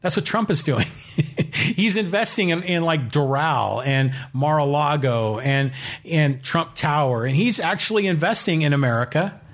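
A man's voice: on the high side, lively intonation, unhurried, a bit bright. A man hosting his own solo podcast, talking in an opinionated, rambling way with many fillers. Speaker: podcast host.

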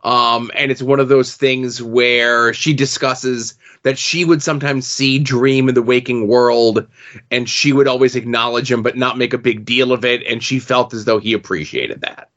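A man at a middle pitch speaking in a measured, thoughtful way during a casual podcast chat about comics. The sound is dull and lo-fi. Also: steady tone, a bit bright. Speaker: podcast co-host. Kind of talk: casual comic book discussion.

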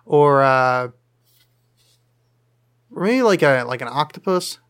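A man's voice: medium pitch, expressive, takes it slowly, a bit bright, clear, resonant tone. A man hosting a casual solo live podcast, answering listener questions in a rambling, self-deprecating, jokey way with lots of fillers. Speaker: podcast host. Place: home studio, leaning over to check screen.

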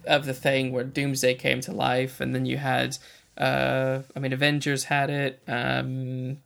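A man in casual chat reviewing a film, animated and often acting out quotes. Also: medium pitch, unhurried, gravelly.

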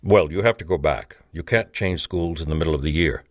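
A man's voice: very deep voice, a little fast, no room sound, studio quality. A man voicing a stern, religious middle-aged father who scolds his son insistently in a storybook reading.

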